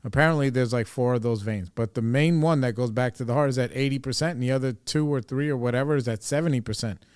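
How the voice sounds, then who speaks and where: A man's voice: medium pitch, fast talker, hardly any pauses, darkish tone, smooth, dry recording, studio quality. A man hosting a podcast, telling a personal story in a casual, rambling way, full of fillers and swearing. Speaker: podcast host.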